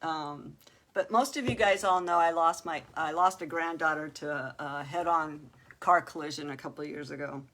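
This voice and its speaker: An older woman with a somewhat low voice hosts a relaxed crafting livestream. She talks straight to her viewers as she works, with frequent exclamations and easy laughter. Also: normal speed. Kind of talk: casual crafting livestream chat.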